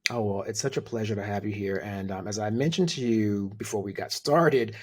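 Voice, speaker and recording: A man's voice: fairly low pitch, brisk, darkish tone. A man hosting an interview show, talking in an enthusiastic, chatty way with many fillers. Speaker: host. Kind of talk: interview conversation.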